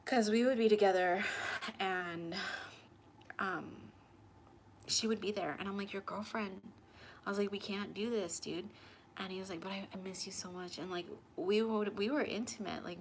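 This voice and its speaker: A young woman talks straight to camera, telling a personal story in a loose, chatty way. She acts out the back-and-forth of conversations. Her voice sits at a middle pitch over a faint background hiss. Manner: animated, acts out both sides of conversations. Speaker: tarot channel host.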